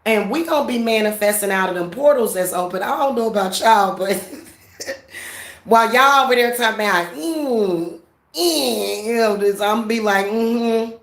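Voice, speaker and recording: Woman, profane, blunt vlog rant, middle pitch, roomy echo. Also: normal speed, a bit bright. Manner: blunt, profane, laughing, talks straight to viewers. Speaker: spiritual practitioner vlogger. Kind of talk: casual ranting vlog. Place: at home.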